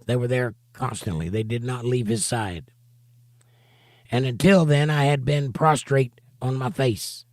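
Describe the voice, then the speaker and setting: A man's voice: medium pitch, measured pace, dry recording, clean studio sound. A man teaching a Bible study, reading scripture aloud and breaking off for emphatic, rhetorical commentary. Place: home studio for a livestream.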